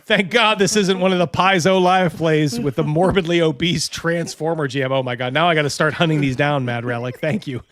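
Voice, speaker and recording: A man's voice: on the high side, fairly quick, hardly any pauses, fairly bright tone, dry recording. Stream host, man, casual mocking commentary, dry sound. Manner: mocking, laughing, loose.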